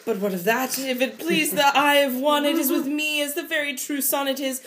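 A woman's voice: high voice, fairly quick, a bit bright. Woman playing a smug, drawling male steward. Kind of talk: amateur play reading.

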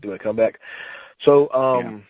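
A man's voice: medium pitch, a little slow, no room sound. Middle-aged guy telling stories, lots of um and uh, kinda muffled lo-fi sound. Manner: rambling, many fillers and restarts, acts out quotes. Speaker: retired wrestler guest. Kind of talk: casual storytelling.

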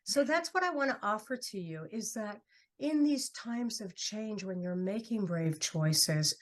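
A woman's voice: mid-range voice, lively intonation, measured pace. Earnest, encouraging woman from New York. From New York City. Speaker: guest author and coach. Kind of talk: conversational podcast interview.

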